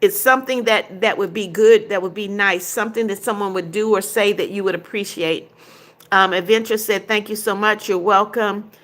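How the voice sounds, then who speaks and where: A woman's voice: medium pitch, fairly even intonation, normal speed, fairly bright tone. An older woman hosting a livestream, reading viewers' chat comments aloud and answering each one briefly in a casual way.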